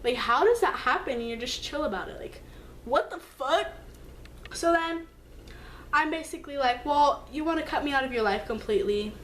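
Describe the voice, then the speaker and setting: High-voiced young woman venting a story. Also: lively intonation, moderate pace, a bit bright, slight background noise. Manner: emphatic, swearing, acts out texts with leaps in pitch. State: upset, hurt. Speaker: vlogger. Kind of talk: storytime vlog.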